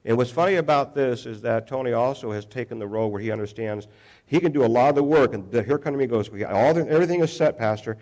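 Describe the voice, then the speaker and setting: A man's voice: mid-range voice, fast, a little mellow. A pastor preaching a sermon in a conversational, self-deprecating way, often restarting his sentences.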